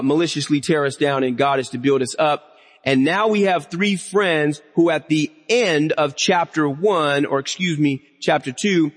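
Preacher guy, kinda high husky voice, echoing around a big hall. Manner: earnest, builds to emphatic raised lines. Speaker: pastor. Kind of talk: sermon. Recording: long reverb of a hall.

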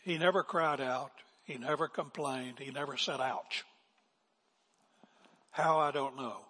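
Older male pastor, husky and unhurried, emphatic sermon delivery with sudden hushed drops, long hall reverb. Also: mid-range voice, fairly even intonation. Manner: emphatic preaching, swinging from loud declarations to hushed asides.

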